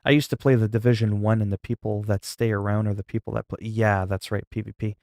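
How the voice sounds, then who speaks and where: A laid-back male streamer talks with his viewers in a low voice. His delivery is calm and low-key, and some listeners hear it as half asleep. The sound is close and dry, with a gravelly edge. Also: dry recording. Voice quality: sleepy-sounding, flat delivery. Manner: low-key, calm and unhurried, not hyped. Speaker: livestreamer. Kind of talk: casual live-stream chat with viewers.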